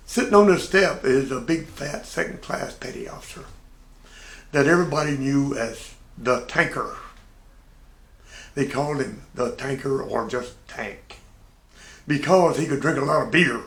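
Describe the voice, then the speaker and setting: A man's voice: mid-range voice, vocal fry. An older man, a navy veteran, telling a casual, plain-spoken anecdote with chuckles and swearing. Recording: echoey room.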